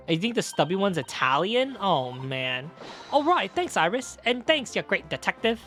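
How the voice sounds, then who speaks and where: An animated woman streams a game and reads its lines aloud. Her pitch leaps between put-on character voices and her own blunt, swearing remarks, with faint game music underneath. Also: normal speed. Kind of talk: live game playthrough with read-aloud dialogue.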